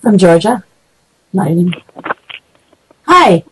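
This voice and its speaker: A woman's voice: lowish voice, sing-song, takes it slowly, a little hiss or hum, rough recording. A woman hosting a call-in show, chatty and a little choked up, laughing as she takes callers. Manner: chatty, laughs between sentences. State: slightly choked up. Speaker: show host.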